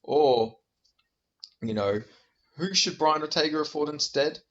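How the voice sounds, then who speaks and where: A man's voice: a little high, a little slow, lo-fi sound. A man ranting in a vlog about fighters, heated, profane and exasperated, firing off rhetorical questions. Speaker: MMA commentator.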